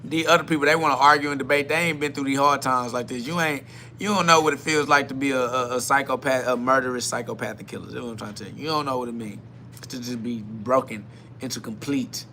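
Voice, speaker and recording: A man hosting a live spiritual self-talk podcast, preaching in a repetitive style that swings from quiet musing to loud emphatic bursts. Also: medium pitch, fairly even intonation, fast, slight background noise. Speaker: podcast host.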